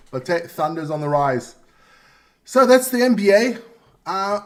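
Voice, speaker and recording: A man hosting a live sports show, running through results in a casual, joking way with asides to his viewers. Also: high voice. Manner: chatty, joking, reads scores with asides to viewers.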